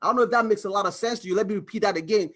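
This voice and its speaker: A man's voice: sits high, rapid-fire. A man coaching viewers on personal finance over a shared screen, talking animatedly and acting out little scenes between a couple and their bank. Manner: animated, acts out little dialogues, exclaims. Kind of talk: screen-share explainer talk.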